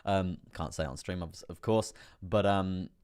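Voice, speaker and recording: Man, deep voice, live trading stream host, casual rambling talk, quick laughs, excitable. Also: clean tone. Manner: chatty, rambling with fillers, breaks into laughs, excitable at price moves. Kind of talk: live stream market commentary.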